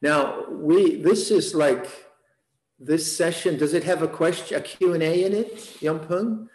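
A man with a slightly high voice gives an unhurried meditation talk, laughing softly and circling back over his words. The sound is roomy and echoey, as if he is speaking in a bare room over an online session. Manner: relaxed, chuckles often, repeats words as he thinks. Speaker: meditation teacher. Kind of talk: dharma talk.

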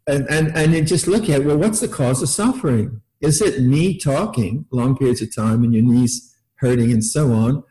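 A man's voice: mid-range voice, moderate pace, dark tone, poor audio. An older man giving a casual meditation talk, laughing often, repeating words and acting out little quotes in a raised voice. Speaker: meditation teacher. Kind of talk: dharma talk.

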